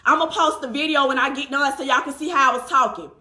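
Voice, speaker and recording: Bright-voiced woman, echoey. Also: high voice, fast. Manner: animated, acts out quotes of others. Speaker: storyteller. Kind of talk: casual storytelling.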